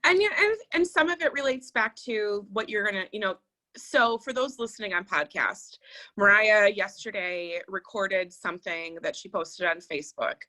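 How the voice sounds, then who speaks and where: A woman's voice: mid-range voice, animated, moderate pace, pushed and bright. A middle-aged woman co-hosting a podcast in casual chat, rambling and reflective with many fillers. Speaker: podcast co-host.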